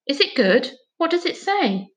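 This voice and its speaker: A woman voices a young boy who cannot keep still, his voice pitched up and pressing with urgency. He pleads and pushes the others in a storybook reading. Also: big pitch swings, moderate pace. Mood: urgent. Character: upset impatient boy, determined and urgent.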